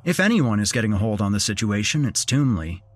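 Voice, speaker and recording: A man playing a steady take-charge leader. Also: fairly low pitch, fairly quick, no echo. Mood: determined.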